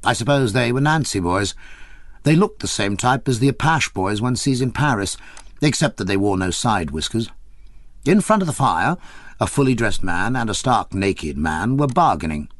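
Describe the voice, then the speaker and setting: A man reading a memoir aloud as an audiobook narrator, measured and expressive. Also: on the low side, no echo, clean studio sound.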